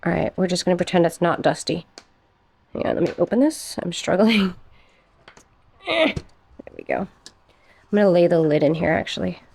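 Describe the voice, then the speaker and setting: A woman's voice: on the low side, animated, normal speed, vocal fry, long pauses, slightly rough. A young woman chatting casually in a plant care vlog, a little out of breath and giggling now and then. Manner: chatty, giggly, talks softly to her plants. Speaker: plant vlogger.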